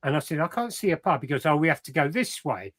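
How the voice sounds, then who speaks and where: A man tells casual anecdotes in a fairly high voice. He acts out what other people said as he goes. The sound is dry and close. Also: very animated, quick pace, no echo. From England. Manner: storytelling, quoting others in voices.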